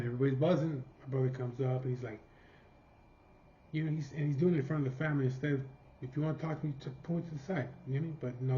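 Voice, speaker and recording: A man with a dark, mid-range voice tells a personal story bluntly and casually, swearing as he goes and acting out what each person said. The recording is dull and slightly noisy.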